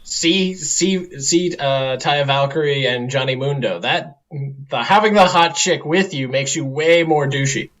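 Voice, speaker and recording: A man with a slightly high voice rants on a casual podcast. He is sardonic and exasperated, tripping over his own restarts as he goes. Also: measured pace, a bit bright. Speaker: podcast co-host. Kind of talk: casual chat.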